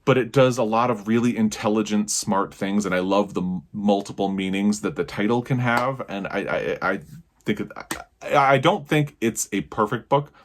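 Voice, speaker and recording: A man vlogging a casual book review to camera, excitable and gushing, tripping over his words when thrilled. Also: on the low side, moderate pace, slight background noise.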